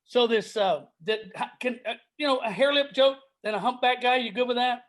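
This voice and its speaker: Sex: man. Style: jokey dad-joke teller. Pitch: high. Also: a little fast, fairly bright tone. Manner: jokey punchline delivery with playful stammering restarts. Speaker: tribute artist. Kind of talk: telling dad jokes on a video call.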